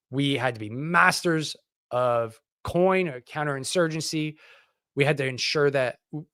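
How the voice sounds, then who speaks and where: A man's voice: no room sound, studio quality. Impassioned veteran man rallying his listeners. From Canada. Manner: emphatic, rallying, loud bursts of pitch and volume; rough, plainspoken, curses. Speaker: veteran podcast host. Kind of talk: impassioned solo talk to camera.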